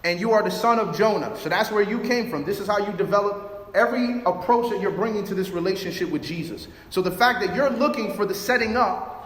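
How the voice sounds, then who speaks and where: A man from Chicago giving a relationship talk, animated, acting out both sides of arguments in his stories. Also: high-pitched, brisk. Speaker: youth speaker. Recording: roomy hall reverb.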